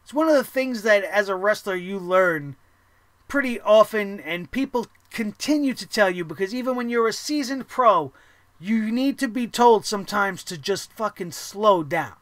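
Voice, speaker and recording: Guy ranting about wrestling, swears a ton, really high bright voice. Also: moderate pace, no echo. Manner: profane, heated, animated ranting. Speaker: wrestling show host.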